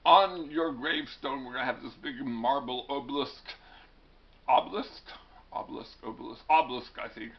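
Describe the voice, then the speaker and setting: Gravelly, stammering male lecturer. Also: medium pitch, moderate pace, lo-fi sound. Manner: wry, digressive, frequent stammered restarts. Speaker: teacher. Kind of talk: classroom lecture.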